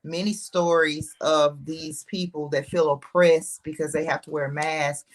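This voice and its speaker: A woman's voice: low-pitched, flat delivery, a little slow, poor audio. A woman co-hosting a casual chat show, chatty and opinionated, often asking questions. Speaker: co-host.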